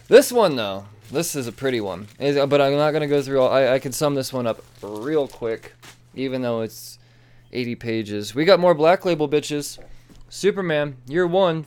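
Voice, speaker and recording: Excitable, profane man reviewing comics. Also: on the high side. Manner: excitable, profane, rambling with frequent asides.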